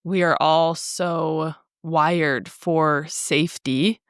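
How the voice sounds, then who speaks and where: A woman's voice: low voice, fairly even intonation, drawn-out words, no room sound, clean studio sound. Earnest woman thinking aloud. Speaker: podcast co-host. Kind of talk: reflective spiritual conversation.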